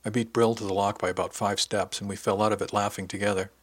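Male narrator for a first-person serial: low, husky voice, calm and even delivery. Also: fast talker, no echo. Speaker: narrator and podcast host.

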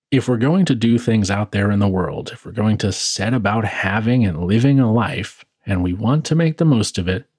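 A man's voice: lowish voice, darkish tone, slightly rough, no echo. A man hosting a podcast, reading his own reflective script with wry, dry asides, tired from working late. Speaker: podcast host. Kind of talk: scripted philosophical monologue.

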